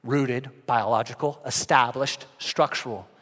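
A man preaching a sermon as pastor, earnest and storytelling, his voice rising and building when he gets excited. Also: mid-range voice, a little slow. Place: church sanctuary. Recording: long reverb of a church hall.

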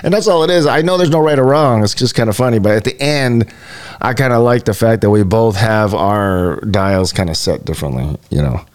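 A man's voice: lowish voice, fairly quick. A man co-hosting a live podcast, chatting casually in a loose, rambling way with lots of fillers. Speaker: podcast co-host.

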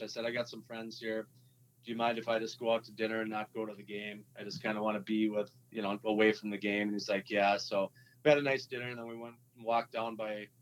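A man, a former hockey player, telling his story in a relaxed interview, halting with many fillers and restarts, with a Minnesotan accent. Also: fairly low pitch, highs cut off, slight background noise.

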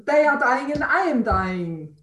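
A woman participant in an emotional release exercise, speaking haltingly and emphatically, restarting mid-sentence. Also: high-pitched, animated, a bit bright, echoey room. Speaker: workshop participant.

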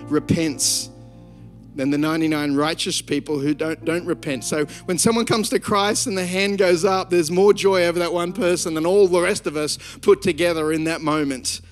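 A man, preaching a sermon and telling a lively personal story with many restarts. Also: a little high, normal speed, soft background music. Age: 50s. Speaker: pastor.

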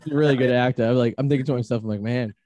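A man's voice: mid-range voice, fairly even intonation, racing, background noise. A man with a Boston accent hosting a casual podcast, talking in rambling, offhand runs. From Revere, Massachusetts. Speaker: podcast host.

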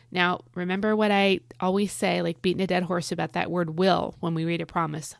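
A woman's voice: on the low side, little pitch movement, brisk, vocal fry, hardly any pauses, no room sound, studio quality. A woman hosting a casual devotional podcast from home, chatty and folksy, repeating phrases for emphasis. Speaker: podcast host and Bible teacher. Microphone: home recording.

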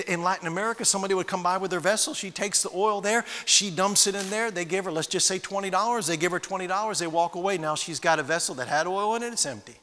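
A man's voice: high voice, sharp tone, long reverb tail. A man preaching a sermon, retelling a Bible story with dramatic storytelling and acted-out voices. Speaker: pastor.

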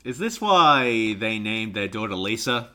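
Bright, lively man on a podcast. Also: on the low side, a little slow. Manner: laughs easily, animated. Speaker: podcast co-host. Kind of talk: casual chat.

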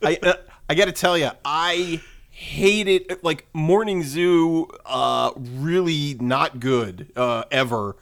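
A man co-hosting a podcast in casual chat, ranting in a wry, deadpan way. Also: on the high side, takes it slowly, gravelly. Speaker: podcast co-host.

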